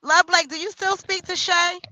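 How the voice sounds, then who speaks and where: A high-voiced woman runs a casual livestream chat, talking loud and loose with slangy shout-outs to her viewers. Her voice is bright and forward, and the sound is close and dry, with no room around it. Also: moderate pace, dry recording, low-quality recording. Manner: loud, expressive, slangy, talks straight to viewers. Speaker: livestream host.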